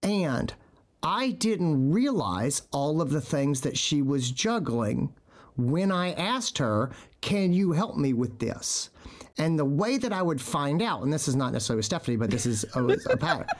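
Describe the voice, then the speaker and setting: A man's voice: fairly high pitch, sing-song, normal speed. A middle-aged man, a veterinarian podcast host, telling stories in casual chat and acting out quotes with animation.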